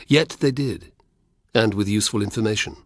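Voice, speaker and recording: A man's voice: on the low side, normal speed, no room sound, clean studio sound, lightly acted. A man reading an audiobook, voicing a fierce male rebel slave leader who barks threats and commands. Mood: curt.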